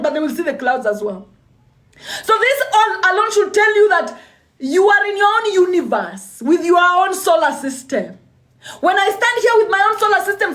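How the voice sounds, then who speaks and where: A woman's voice: extremely high pitch, fairly bright tone. A young woman giving a motivational talk on a livestream, repeating lines for emphasis and often restarting her sentences. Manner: repetitive and emphatic, with frequent restarts. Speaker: motivational speaker.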